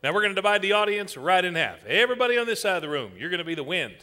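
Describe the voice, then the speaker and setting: A man hosting a comedy show, teasing audience members in a loud, folksy way. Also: high-pitched, big pitch swings, racing. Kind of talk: audience participation stand-up. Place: theater stage with live audience. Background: audience laughter.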